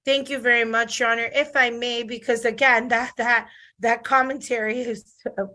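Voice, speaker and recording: A woman's voice: on the high side, sharp tone. A woman defense attorney arguing for her client over a video call, formal, with frequent "Your Honor" and fillers. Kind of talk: courtroom argument on video call.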